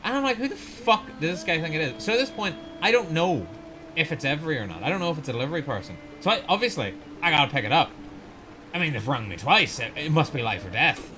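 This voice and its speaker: A man's voice: fairly high pitch, big pitch swings, quick pace, sharp tone, slight background noise. A young man streaming a game, rambling and swearing as he rants in casual commentary. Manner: exasperated, swears a lot, rambling. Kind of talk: casual gameplay commentary and ranting.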